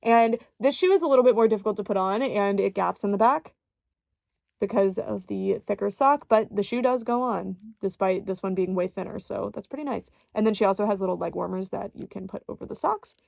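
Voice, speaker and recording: A woman's voice: medium pitch, fairly quick, creaky, a little mellow, dry recording. A young woman reviewing collectible dolls in a chatty, enthusiastic way, with fillers and small laughs. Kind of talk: casual unboxing review.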